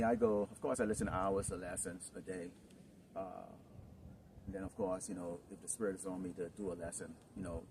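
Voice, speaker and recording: A man preaching in a rambling, improvised sermon, filling his talk with "okay?" and "you know" and swinging into loud outbursts. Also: on the low side. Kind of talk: improvised street-camp sermon. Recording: distant mic with noisy background.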